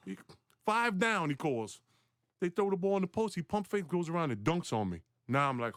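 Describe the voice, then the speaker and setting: Storyteller man, animated, acts out every quote, slightly high voice, dry room. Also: brisk, no room sound. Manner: animated, acts out quotes with big pitch jumps, laughs. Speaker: former NBA player telling a story. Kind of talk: animated storytelling on a podcast clip.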